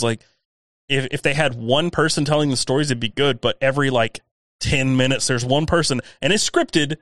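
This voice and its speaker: Podcast co-host, a man with a faint Southern twang, animated ranting, dry studio sound. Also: medium pitch, dry recording. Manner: ranting, animated, swears freely. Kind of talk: casual chat.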